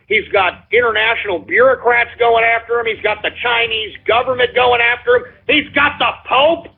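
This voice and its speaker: A man's voice: extremely high pitch, vocal fry, breathy edge. A man hosting a call-in radio show, ranting heatedly with lots of profanity and repetition. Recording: lo-fi phone-like sound.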